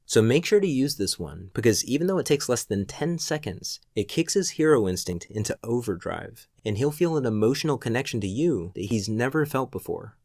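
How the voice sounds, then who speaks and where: A man reading a scripted sales pitch voice-over in a smooth, persuasive delivery. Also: sing-song, brisk, hardly any pauses, a little mellow, no echo, studio quality.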